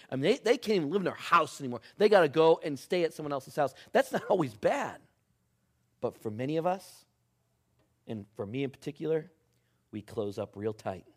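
Emphatic male pastor preaching. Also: fairly high pitch. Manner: swings from loud emphatic to hushed near-whisper. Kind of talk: sermon.

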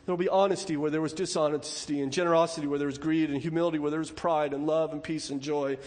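A man preaching a sermon as pastor, swinging between loud urgent warnings and quiet pleading. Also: on the high side, fairly even intonation, fast.

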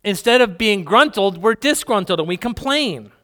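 Smooth, higher-voiced pastor preaching casually. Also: male voice, lively intonation, normal speed, sharp tone. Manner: conversational, playful asides to congregation. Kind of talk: sermon. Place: church hall with congregation.

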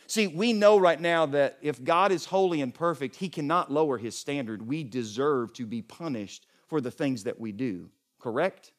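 A man's voice: a little high, normal speed. Impassioned male pastor preaching a sermon. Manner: impassioned, swings between loud emphatic peaks and soft hushed lines.

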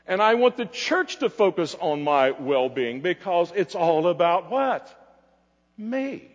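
A pastor preaching a sermon, animated and emphatic at times, dropping to quiet asides at others. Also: male voice, fairly high pitch, a little slow. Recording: dull lo-fi recording in a reverberant hall.

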